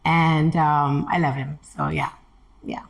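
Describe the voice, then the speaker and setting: Middle-aged woman, low gravelly voice, animated storyteller, voices the people she quotes. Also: takes it slowly, rough recording. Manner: animated, acts out quoted dialogue. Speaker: interview guest. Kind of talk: candid personal storytelling.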